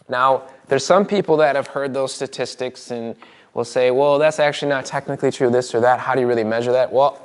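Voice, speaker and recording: Middle-aged male coach running a live workshop, animated and demonstrative. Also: mid-range voice. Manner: animated, demonstrating with his body. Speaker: NLP trainer. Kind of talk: live seminar teaching. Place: seminar room with audience.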